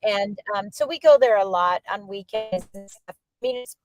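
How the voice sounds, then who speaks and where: A woman's voice: mid-range voice, expressive, normal speed, dry recording, faint music behind, rough recording. An American woman in her sixties, a guest author, chatting in an upbeat, emphatic way. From United States. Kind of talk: casual interview chat.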